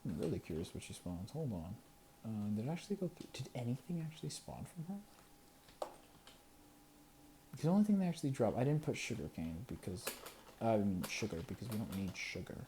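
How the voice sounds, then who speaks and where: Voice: mid-range voice, big pitch swings, fairly quick, pauses often, mellow, a little hiss or hum. A creator talking casually to themselves over gameplay, counting under their breath, chuckling and dropping into whispers now and then. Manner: muttering and counting to self, chuckling, sometimes whispering.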